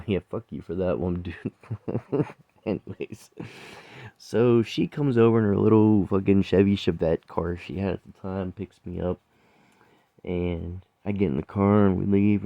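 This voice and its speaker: A man's voice: lowish voice, vocal fry, no room sound, lo-fi sound. A man who works as a chef, telling a personal story in a blunt, profane, rambling way, with laughs.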